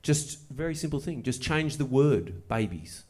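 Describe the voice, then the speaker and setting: A man's voice: mid-range voice, normal speed. Man doing dry stand-up. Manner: dry, deadpan delivery that builds to excited bursts. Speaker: stand-up comedian. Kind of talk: stand-up comedy storytelling. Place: comedy venue on stage. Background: audience laughter.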